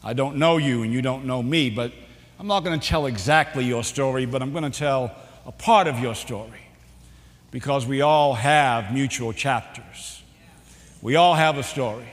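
Long hall reverb colors this public speech by a middle-aged keynote speaker with a mid-range voice and a Boston accent, from New Bedford, Massachusetts. Warm and joking, he shares his own story and jokes, pausing dramatically and often saying "uh."

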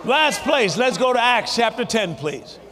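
High-voiced shouting preacher man. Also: very animated, a crowd in the background, noisy background. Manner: shouting, drawn-out emphatic phrases. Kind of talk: shouted sermon. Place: large church hall. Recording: long reverb from a live congregation.

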